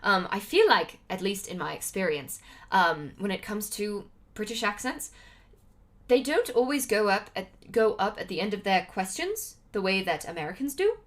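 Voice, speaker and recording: Lively woman chatting to her stream. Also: mid-range voice, normal speed. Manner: chatty, talks to viewers, many fillers; laughs often between remarks. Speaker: livestreamer. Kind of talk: casual livestream chat.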